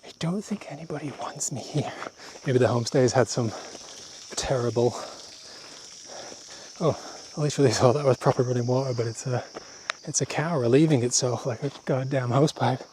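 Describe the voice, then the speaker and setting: A man's voice: mid-range voice, normal speed, a little mellow. A man narrating a walking vlog outdoors, a bit out of breath from the climb. He rambles in self-deprecating asides and laughs often at his own jokes. Faint insect noise hums under his voice. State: out of breath while walking uphill. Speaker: travel vlogger. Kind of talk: casual walking vlog monologue. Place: outdoors on village paths.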